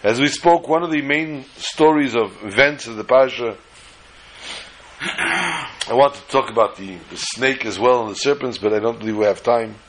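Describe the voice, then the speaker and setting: A man's voice: mid-range voice, moderate pace, fairly bright tone, slight background noise, low-quality recording. A man telling a story in a sermon, acting out the dialogue with animation.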